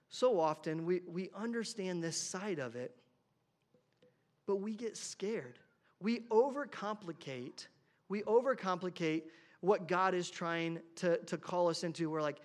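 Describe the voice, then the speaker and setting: Male pastor, high-pitched, casual sermon delivery with frequent word repeats. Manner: conversational, repeats words at the start of phrases. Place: church.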